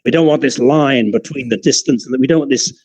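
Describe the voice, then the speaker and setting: A man's voice: medium pitch, a little fast, a little mellow, husky, lightly acted. A man putting on a clumsy American accent as brash lens makers. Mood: demanding. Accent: American, badly imitated.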